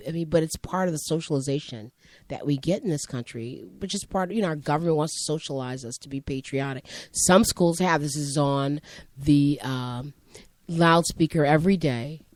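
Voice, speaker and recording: A woman who works as a high school teacher, chatting and telling a classroom story in a rambling way and acting out the voices in her quotes. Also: animated, normal speed, dry recording. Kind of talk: conversational storytelling.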